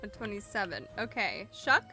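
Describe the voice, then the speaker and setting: A young woman running a tabletop game as dungeon master, playful and quick with her questions, laughing often. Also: mid-range voice, very animated, sharp tone, faint music behind.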